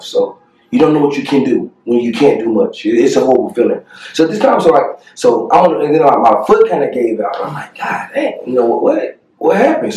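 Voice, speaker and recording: A young man telling a painful personal story to the camera, earnest and halting, with many fillers and pauses. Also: mid-range voice, darkish tone, recorded from a distance. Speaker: family vlogger. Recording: echoey room, voice a bit off-mic.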